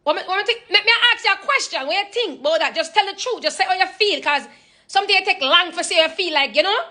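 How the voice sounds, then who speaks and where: Girl doing her jamaican mom, high squeaky voice, pushy, won't let it go. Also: animated, quick pace, bright, forceful tone, heavily acted. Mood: pressing. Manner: insistent, interrogating. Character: pushy Jamaican mother, middle-aged woman. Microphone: phone.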